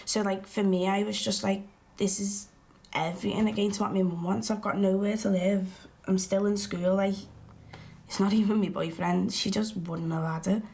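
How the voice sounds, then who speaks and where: For a verbatim theatre film, an actress voices a strong-willed, blunt young woman telling her story in a casual, colloquial way as an interviewee looking back. Her voice is natural and a little mellow, medium in pitch, steady, at a normal pace.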